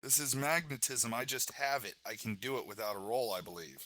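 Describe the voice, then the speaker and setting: A man's voice: medium pitch, a little fast, bright, forceful tone, poor audio. A man playing in a tabletop game, insistent and matter-of-fact. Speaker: player.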